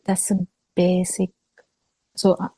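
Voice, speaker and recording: A woman giving a Buddhist talk over a video call, speaking slowly with halting pauses and fillers. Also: on the low side, monotone, mellow, no echo, poor audio. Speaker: Buddhist teacher.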